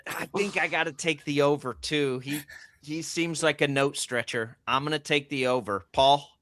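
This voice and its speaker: A man hosting a sports radio panel, briskly running the segment and calling on each panelist. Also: fairly high pitch, steady tone, a bit bright, dry recording. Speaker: radio sports show host. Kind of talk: casual radio sports chat.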